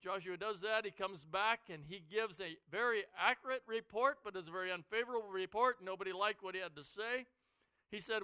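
Male preacher, very high bright voice, smooth and crisp, dramatic sermon delivery, dry headset sound. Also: brisk, dry recording. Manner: dramatic, swings from quiet to shouting. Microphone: headset mic.

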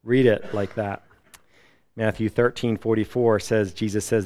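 A middle-aged man preaching a sermon, lively and emphatic, now and then acting out the people he quotes. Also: fairly low pitch, measured pace, no room sound. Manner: animated preaching, acts out quoted voices. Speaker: pastor.

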